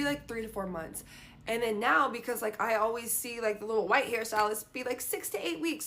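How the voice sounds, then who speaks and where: A woman's voice: on the high side, a bit bright. A young woman venting in a casual monologue, frustrated, swearing often and filling her talk with "like". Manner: frustrated, frequent "like" fillers and swearing. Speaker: vlogger.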